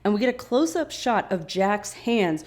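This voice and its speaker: A woman hosting a podcast, recapping a TV episode in a casual, chatty way. She talks with animation and acts out the characters' lines. Her voice sits at an ordinary middle pitch. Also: sing-song, moderate pace, a little mellow. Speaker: podcast host.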